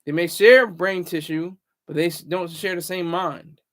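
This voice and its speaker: A man's voice: high voice, steady tone, a little slow, fairly bright tone. A man in his thirties hosting a casual livestream, rambling loosely and reading viewer comments aloud. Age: 30s. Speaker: livestream host.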